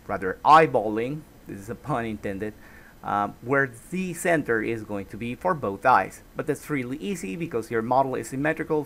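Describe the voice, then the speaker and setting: A man narrating a screen-recorded software tutorial, patient and explanatory, often checking in with the listener. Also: medium pitch, gravelly, slight background noise.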